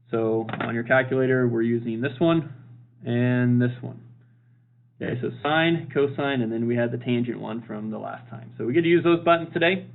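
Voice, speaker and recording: A man's voice: mid-range voice, gravelly, slight background noise. A man teaching a recorded math lesson in an upbeat, jokey way, repeating the key points. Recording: tinny phone-like lo-fi sound.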